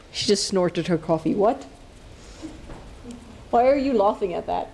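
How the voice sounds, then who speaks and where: A woman streams a game and chats casually, playful and swearing freely, laughing often. Her medium-pitched voice is animated yet slow, gravelly and darkish, with a little hiss or hum behind it.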